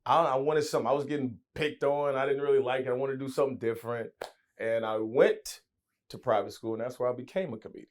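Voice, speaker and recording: A man in his thirties, an interview guest, telling lively stories and slipping into voices. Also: mid-range voice, quick pace. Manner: animated, slips into voices, restarts. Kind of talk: storytelling interview.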